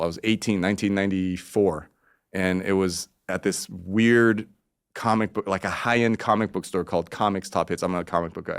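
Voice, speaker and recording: Profane, rambling storytelling man around fifty. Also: on the low side. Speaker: guest. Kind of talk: casual interview conversation.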